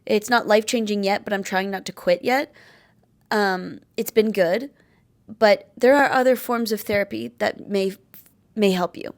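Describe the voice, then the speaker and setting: A woman's voice: medium pitch, moderate pace. Blunt, swearing woman vlogger. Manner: blunt, swears freely, emphatic. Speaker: vlogger sharing chronic illness tips. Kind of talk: candid talking-to-camera advice.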